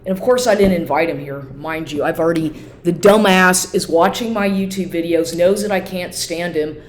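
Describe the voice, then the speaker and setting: A woman vlogger in an upset, profane rant, talking fast and repeating herself. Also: fairly low pitch, a little mellow. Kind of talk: agitated personal rant to camera. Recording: echoey room with faint noise.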